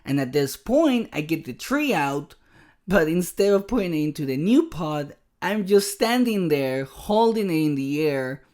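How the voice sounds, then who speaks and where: A man hosting a podcast, telling a personal story in an animated, self-deprecating way. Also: fairly high pitch, measured pace. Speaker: podcast host. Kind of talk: casual storytelling monologue.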